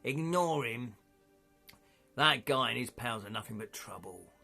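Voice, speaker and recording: A man voicing a raggedly unkempt, wary lone man in a tavern, who mutters slowly. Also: animated, creaky, a little mellow, husky, soft background music. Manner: muttering, slow and low.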